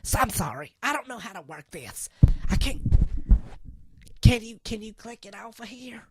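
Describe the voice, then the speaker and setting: A woman voicing a flustered, easily riled church lady in a comedy sketch, fumbling with the equipment, cursing and then apologizing in a husky voice. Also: a little high, animated, normal speed, very noisy.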